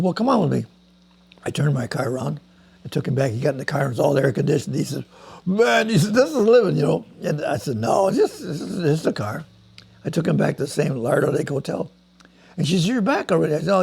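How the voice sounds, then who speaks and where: A man's voice: medium pitch, vocal fry, darkish tone, slightly rough. A man, telling rambling stories as a veteran musician, stumbling over repeated words and coughing now and then. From Canada. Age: 90s. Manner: halting, repeats words, acts out quoted voices. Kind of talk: rambling anecdotal storytelling.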